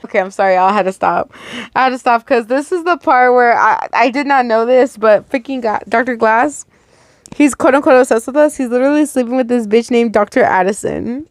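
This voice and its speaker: A woman reading fan fiction aloud as host, breaking off with animated, reactive asides. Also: a little high, fairly quick, no echo. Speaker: story reader.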